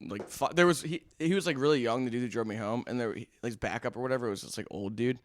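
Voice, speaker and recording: A man telling loose, rambling stories on a podcast, full of fillers, laughs and swearing. His voice is middle-pitched. It is picked up by a close mic in a dry studio. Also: fast, no room sound. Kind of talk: casual storytelling chat.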